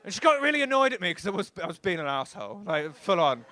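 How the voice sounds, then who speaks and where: A young man doing a rambling, animated stand-up routine on a comedy club stage, bursting into loud shouts. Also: high-pitched, fast talker.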